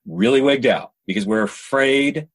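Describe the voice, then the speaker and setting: A man hosting a podcast interview, telling stories in an animated way and laughing often. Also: medium pitch, moderate pace. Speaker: podcast host. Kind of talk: casual interview chat.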